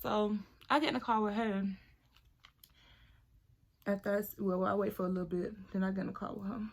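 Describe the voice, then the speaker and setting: A young woman telling a casual storytime to viewers while doing her hair, chatty and animated. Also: medium pitch, brisk. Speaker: beauty vlogger.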